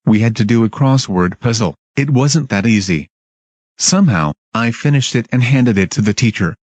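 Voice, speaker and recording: A man's voice: medium pitch, expressive, normal speed, a little mellow, no room sound. A man narrating a ranting storytime in a blunt, irritable manner, swearing constantly.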